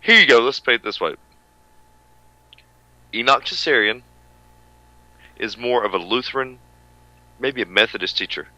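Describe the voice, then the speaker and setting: A man co-hosting a wrestling radio show, with a booming voice that swings between hollering and low mutters. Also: expressive, moderate pace, long pauses, sharp tone, no echo, muffled recording. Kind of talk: loud rambling radio banter.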